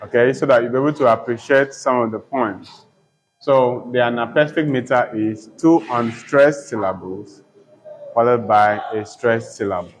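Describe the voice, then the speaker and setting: This rough recording, carrying a little hiss or hum, captures a man with a mid-range voice teaching poetry at a moderate pace. It is a slow, dictated lesson where he says each term several times over and spells words letter by letter.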